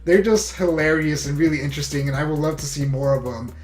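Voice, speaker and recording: A man's voice: a little high, fast, reverberant, soft background music. A man giving a casual, enthusiastic movie review, filling his talk with "you know" and "like".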